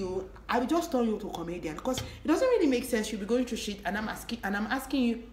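A woman's voice: on the high side, lively intonation, quick pace, hardly any pauses, darkish tone, reverberant, a little hiss or hum, poor audio. A young adult woman with a Nigerian accent, ranting to camera in a vlog, blunt, mocking and full of swearing. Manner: blunt, profane, emphatic, mocking. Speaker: vlogger.

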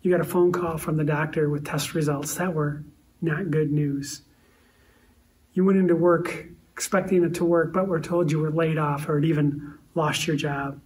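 A man's voice: a little high, fairly even intonation, moderate pace, a little mellow. A man pastor preaching a sermon in a conversational, storytelling way, posing rhetorical questions to the congregation. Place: church sanctuary. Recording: voice distant from the mic.

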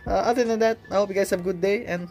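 A man's voice: sits high, fairly even intonation, very fast, a little mellow, soft background music. A man vlogging casually outdoors, thinking aloud with laid-back slang as he sets up photos. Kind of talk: casual narration while shooting photos.

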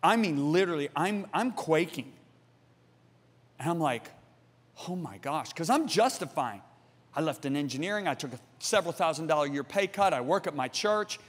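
A man in his sixties preaches with a high, ringing voice that carries long reverb through a big church auditorium. He tells his story to the crowd, calls out to them directly, and swings from loud appeals down to near-hushed passages. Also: lively intonation, brisk. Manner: calls out to the congregation. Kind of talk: sermon. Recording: long reverb of a large hall.

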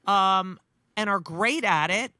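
A woman's voice: mid-range voice, slow pace, sharp tone, no echo, clean studio sound. A woman, a comedian talking bluntly and profanely in casual chat, with many restarts. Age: 60s. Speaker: comedian guest.

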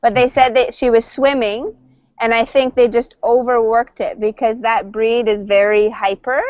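Chatty Canadian woman, slightly high voice. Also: little pitch movement, moderate pace, darkish tone, no echo, dull audio. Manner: chatty, with frequent fillers and restarts. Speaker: English conversation teacher. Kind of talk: casual storytelling to a class.

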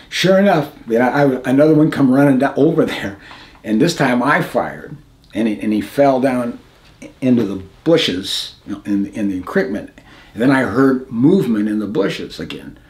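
A man in his seventies from the United States, telling war memories in an interview in a halting, plain-spoken way, often restarting, his voice going hushed at grim moments. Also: medium pitch. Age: 70s. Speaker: veteran interviewee. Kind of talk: recounting combat memories in an interview.

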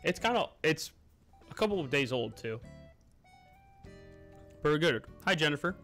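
A young man talks casually on a live game stream, greeting his chat by name and rambling between bites of food. His voice is bright and forceful, sitting a little high for a man. Soft background music plays under him. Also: very animated, normal speed. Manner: chatty, greets viewers by name, eats while talking.

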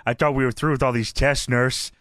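A man plays a hot-tempered tough-guy wrestler, gruff and cursing in a lowered voice. The voice is bright and dry, right up on the mic. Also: fairly even intonation, brisk, no echo, lightly acted. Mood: furious.

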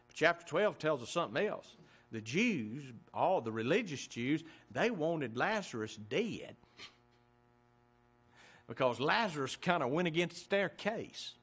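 A pastor delivers his sermon in a fairly high, bright, forceful voice. He keeps tossing rhetorical questions to the congregation and reads scripture aloud in old-fashioned wording, pushing his emphasis up as he goes. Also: sing-song, a little slow, breathy edge.

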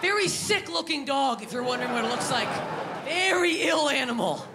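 This gravelly-voiced Canadian stand-up in her 30s works a live audience at a comedy venue with a handheld mic. Her voice sits high with lively intonation at normal speed, and she's brash and self-deprecating, shouting punchlines as the crowd and background noise carry on.

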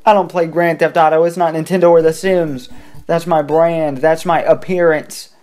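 Young adult let's player, rambling, hums, shouts at the game now and then, faint game music behind. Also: mid-range voice. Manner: rambling, hums to self, sudden loud outbursts at the game. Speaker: let's play gamer.

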